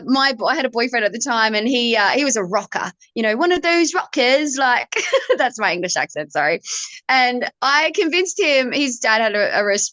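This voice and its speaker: Bright animated Australian woman singer. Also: on the high side, dry recording. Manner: animated storyteller, acts out quoted voices. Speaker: country-pop singer guest. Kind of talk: casual interview chat.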